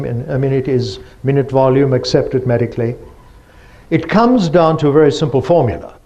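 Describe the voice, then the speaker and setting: A man's voice: mid-range voice, a little mellow, lo-fi sound. A man giving a lecture presentation, explaining step by step and asking the audience rhetorical questions.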